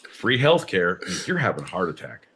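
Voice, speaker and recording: A man's voice: deep voice, very animated, a little fast, fairly bright tone, slight background noise. A man co-hosting a podcast, swearing and riffing sarcastically in casual banter. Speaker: podcast co-host.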